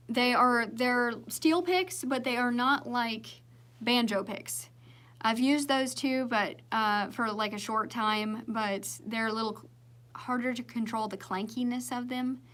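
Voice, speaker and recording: A woman's voice: on the high side, fairly bright tone. A young woman with a Southern accent chatting casually with viewers on a livestream, rambling with fillers and restarts. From Southern United States. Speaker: singer-songwriter livestreaming.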